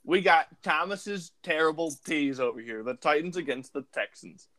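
A man's voice: a little high, animated, moderate pace, a bit bright, no room sound. A man co-hosting a casual sports podcast, joking and emphatic as he makes his picks. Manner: joking, emphatic, trash-talking. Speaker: podcast co-host.

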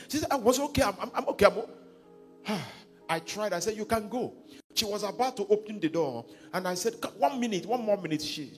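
Nigerian male pastor, sermon, animated delivery, slightly high voice, soft music under. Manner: leads group reading, retells counselling story. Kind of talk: sermon with congregational scripture reading.

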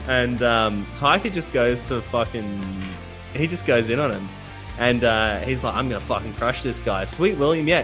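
Game master guy, loose and sweary, lots of uhs, mid voice, faint music. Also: mid-range voice. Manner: laughing, loose, swears, many fillers. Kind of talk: narrating a tabletop game.

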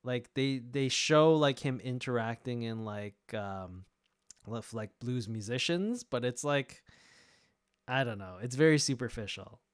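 Man, podcast co-host: unhurried, rambling, fillers, dry close sound. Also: medium pitch, lively intonation, clear, resonant tone, no echo. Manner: rambling, frequent fillers and self-interrupting asides, laughing. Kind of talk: casual chat.

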